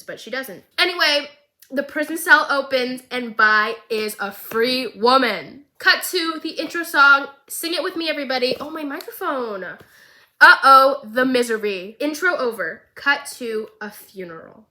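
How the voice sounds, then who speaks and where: A woman vlogger giving a comedic, gushing recap of a show, excitable and jokey. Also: on the high side.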